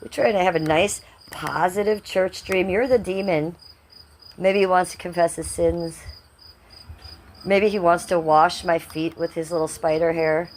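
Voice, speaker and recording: A woman on a casual live stream from her home, rambling excitedly to her viewers and swearing freely. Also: on the low side, a little slow, a little hiss or hum. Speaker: livestreamer. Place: at home by a window.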